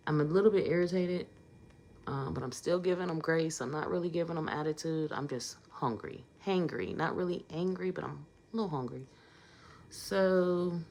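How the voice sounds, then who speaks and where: Deep-voiced woman telling a story. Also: gravelly, slight background noise. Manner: animated storyteller, rising to emphatic asides; casual conversational speech. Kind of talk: casual storytime vlog.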